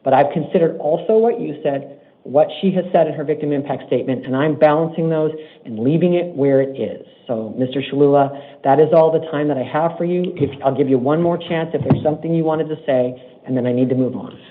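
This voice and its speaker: Stern judge on tinny courtroom audio. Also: male voice, fairly high pitch. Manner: measured, stern and deliberate. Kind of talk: formal courtroom proceedings.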